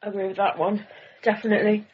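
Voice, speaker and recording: A woman's voice: medium pitch, flat delivery, fast talker, husky. A woman, co-hosting a podcast in an easygoing, agreeable way. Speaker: podcast co-host. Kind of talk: casual chat. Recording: dull lo-fi with faint hiss.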